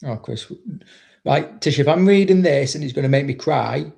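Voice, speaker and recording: A man's voice: medium pitch, animated, normal speed, creaky, warm tone. A man, a dog trainer, chatting casually on a livestream and reading out viewer comments, blunt and swearing constantly as he rambles.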